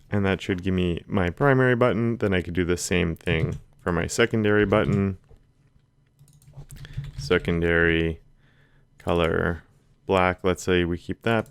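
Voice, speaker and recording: A man teaching a screen-recorded coding lesson, calmly talking through the code as he types it. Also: low voice, clean tone. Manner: relaxed, talks while typing code. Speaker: coding instructor. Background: keyboard typing.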